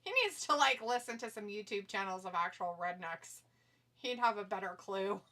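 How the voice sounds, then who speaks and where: Bright-voiced teasing woman. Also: medium pitch, normal speed. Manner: laughs often, teasing. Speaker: stream co-host. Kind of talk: casual chat reading live comments.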